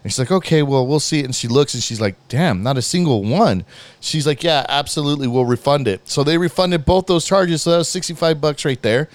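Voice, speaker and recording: A young man hosting a podcast, telling a rambling story about his day with lots of swearing and animated retelling. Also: a little high, a little fast, no echo. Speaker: podcast host. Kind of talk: casual storytelling chat.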